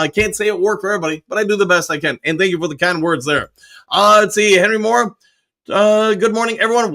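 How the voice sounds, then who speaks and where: A man's voice: sits high, bright, forceful tone. A man hosting a casual live fan stream, reading viewer comments aloud and answering each one, with frequent cheers and "uh" fillers. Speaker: podcast host reading live chat.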